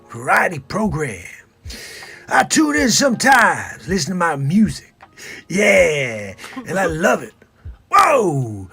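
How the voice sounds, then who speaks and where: A man doing a comedic impression of a gruff older male film star with exclamatory outbursts. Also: sits high, a bit bright, voice pushed up, heavily acted.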